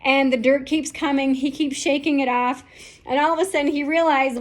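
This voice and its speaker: A woman hosting a podcast, telling a story in a lively, animated way and acting out the characters' reactions. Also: high-pitched, moderate pace. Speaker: podcast host.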